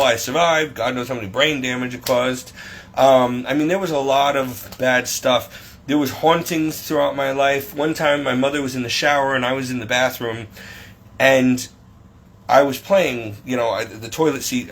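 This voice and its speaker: A man telling personal stories in a casual, rambling way, acting out other people's lines with lively quotes. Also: mid-range voice, slightly rough. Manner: rambling, animated quoting of others. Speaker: storyteller recounting paranormal childhood. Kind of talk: casual storytelling.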